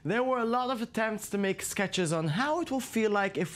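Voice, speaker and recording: A man presents a tech news roundup with a fairly high, lively voice. He reads the script briskly and drops in dry, sarcastic quips between the stories. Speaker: news show host. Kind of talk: scripted news segment with jokey asides.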